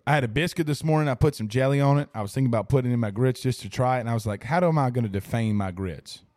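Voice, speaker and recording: A man's voice: mid-range voice, steady tone, rapid-fire, a little mellow, no room sound, studio quality. Rambling man hosting live chat. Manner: rambling, emphatic, repeats phrases for effect. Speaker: host reading live chat. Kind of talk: casual sports talk livestream. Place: studio.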